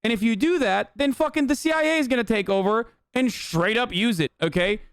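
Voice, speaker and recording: A man's voice: very high-pitched, fairly quick, smooth, no room sound. A young man streamer ranting heatedly and profanely in live-stream commentary, reading posts and mocking them.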